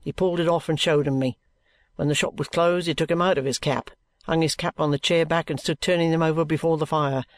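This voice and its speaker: A reader voicing a sulky, gruff young man who answers in curt, grumbling sentences. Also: mid-range voice, steady tone, fairly quick, dry recording, clean studio sound, close to an everyday voice.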